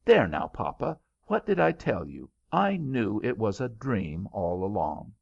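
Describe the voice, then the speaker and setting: A man voicing an eager, demanding little girl in a story reading, high and insistent. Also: sing-song, a little slow, vocal fry, slightly rough, heavily acted. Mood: teasing. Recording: dull lo-fi audiobook recording.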